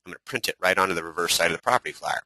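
A man's voice: low-pitched, very fast, no room sound, rough recording. A man teaching a webinar with lots of energy, often asking rhetorical questions and acting out short conversations. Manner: energetic, talks in rhetorical questions, acts out homeowner dialogue. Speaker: real estate coach.

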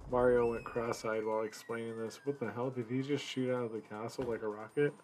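A man's voice: medium pitch, level tone, brisk, a little mellow, slight background noise. Rambling man streaming a game. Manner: rambling, muttering to himself. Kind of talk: casual gameplay commentary.

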